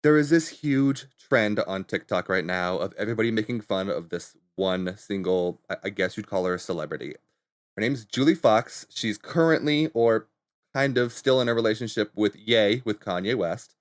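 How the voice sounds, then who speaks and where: A man's voice: on the low side, lively intonation, moderate pace, clear, resonant tone. A man in casual chat on a talk show, explaining internet trends in an upbeat way and laughing often. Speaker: guest internet trends reporter.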